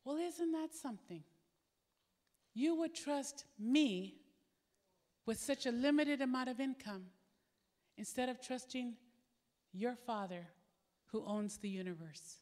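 A woman preacher voicing a calm male pastor who reassures and gently challenges a worried man. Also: on the high side, takes it slowly, long pauses, long reverb tail. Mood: gently challenging.

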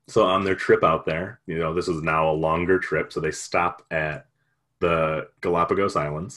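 A man's voice: low voice, fairly bright tone. A man retelling a story in casual chat, rambling and jokey, with lots of fillers.

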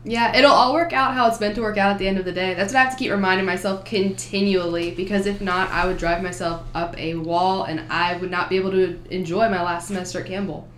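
A young woman in her twenties with a New Jersey accent chats as a podcast guest, earnest and upbeat as she tells her story. Her voice sits at an ordinary pitch, and the room gives it a noticeable echo with a faint hum behind it. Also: fairly even intonation, fast, hardly any pauses, a bit bright. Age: 20s. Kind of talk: casual chat.

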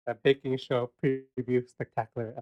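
A man co-hosting a podcast, chatting casually, laughing often and filling pauses with "um" and "uh". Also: medium pitch, level tone, muffled recording. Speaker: podcast co-host.

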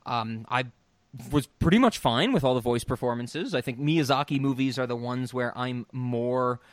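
Here a man speaks at normal speed in a mid-range voice, with no echo. Hosting a podcast, he rambles casually with strong opinions about film voice acting, full of ums, restarts and curses.

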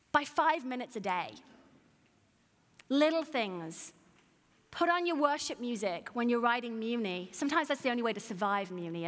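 A woman's voice: sits high, a bit bright. A woman in her thirties preaching a sermon as pastor, earnest and emphatic, putting rhetorical questions to the congregation. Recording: long hall reverb.

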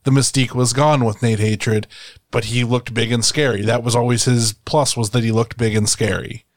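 A man's voice: medium pitch, steady tone, normal speed, no room sound, clean studio sound. A man on a podcast in casual chat, filling in background in an informative, laid-back way.

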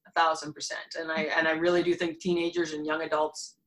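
A woman in her forties with a bright, forceful tone, telling a personal story on a podcast. She speaks candidly and with animation, and breaks into laughter between the heavy parts. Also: low voice, flat delivery, fast talker, rough recording. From Alberta, Canada. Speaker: podcast guest.

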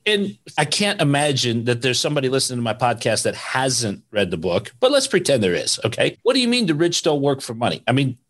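A man's voice: medium pitch, sing-song, brisk, hardly any pauses, a bit bright. A man hosting a podcast, upbeat and conversational, often ending points with "right?". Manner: upbeat, leans on "right?" tags. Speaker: podcast host. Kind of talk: casual podcast interview.

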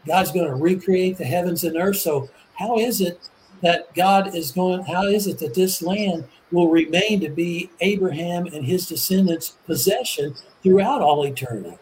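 High-pitched male Bible teacher, earnest and excitable, halting restarts, faint room noise. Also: low-quality recording. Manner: earnest, enthusiastic, restarts and repeats words. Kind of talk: casual religious discussion.

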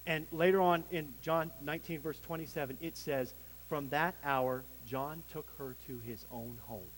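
A man preaching a sermon as pastor, swelling to emphatic peaks and dropping low, with some restarts. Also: normal speed, in a large hall, slight background noise, low-quality recording.

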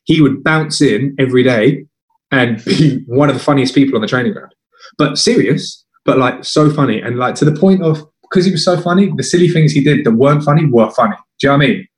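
Man, casual football anecdotes, animated, roomy echo. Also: medium pitch, brisk. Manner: animated, acts out quotes of others. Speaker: former footballer guest. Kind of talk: casual storytelling.

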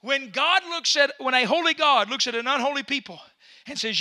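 Man, pastor, fervent preaching, high voice, repeats himself, bursts into shouts. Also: animated, fairly quick. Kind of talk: impassioned preaching.

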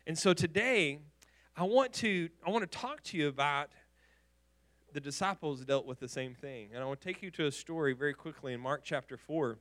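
A male pastor preaching a sermon, telling a personal story with animated restarts and repeated words. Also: fairly high pitch, normal speed.

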